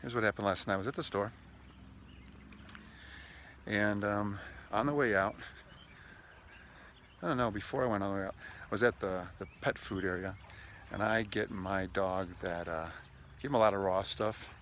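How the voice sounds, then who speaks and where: By a lakeshore with lapping waves, a man with a lowish, fairly bright voice speaks at normal speed with long pauses in a casual vlog monologue. He's chatty and keen, giving sales tips through stories and pausing to talk to his dog. There's a bit of hiss or hum.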